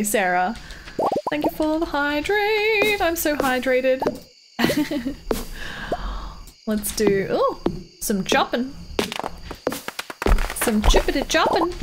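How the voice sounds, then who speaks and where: A woman live-streaming a farming game, chatting casually, reading and answering her chat with frequent giggles. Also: sits high.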